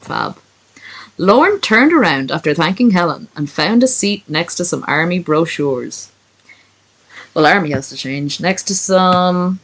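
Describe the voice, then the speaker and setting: A woman's voice: low voice, creaky, poor audio. A woman reading a story aloud for laughs, breaking off for crude, joking asides. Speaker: reader of a fan story. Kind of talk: comic reading aloud with commentary.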